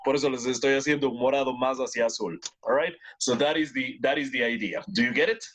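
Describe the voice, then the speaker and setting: This fast-talking male teacher has a medium-pitched, fairly bright voice. Teaching English online with Spanish as his first language, he alternates between the two, offers encouragement, and uses repetition to drill words.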